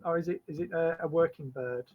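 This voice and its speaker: A man playing a gentle young mum in a tabletop game. She is polite and soft-spoken, and her voice sits high. She hesitates and fusses as she talks, and drops almost to a whisper when she soothes. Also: brisk, narrow, tinny audio, natural voice.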